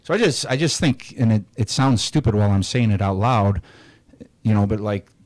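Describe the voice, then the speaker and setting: A man in his forties with a somewhat low voice, talking as a podcast guest. He is blunt and swears freely, yet reflective and candid about his feelings. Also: normal speed, no echo. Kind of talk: candid casual chat.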